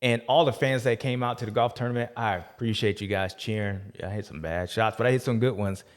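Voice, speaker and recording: A man hosting a casual race recap, telling stories in slangy, animated talk. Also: on the low side, a little fast. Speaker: host.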